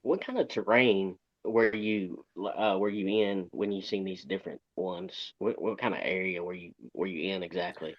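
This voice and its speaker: Deep-voiced man asking questions. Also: fairly even intonation, normal speed, hardly any pauses, dull audio. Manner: casual, short backchannels. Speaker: podcast host. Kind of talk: interviewing.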